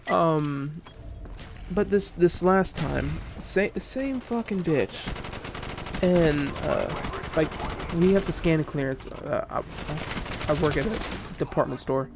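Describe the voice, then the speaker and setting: A man's voice: on the high side, takes it slowly, creaky, noisy background. A young man casually telling a story over gameplay, ranting and swearing with lots of restarts and fillers. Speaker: gaming video creator. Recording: gunfire from game audio behind.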